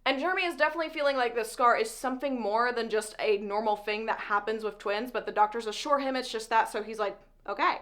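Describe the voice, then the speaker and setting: A high-pitched woman retells a novel's plot in a chatty, dramatic way, adding joking asides for her viewers. Her voice is bright and forceful, and she talks in a casual vlog style. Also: fast, few pauses. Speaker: book recap vlogger. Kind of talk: animated casual book recap.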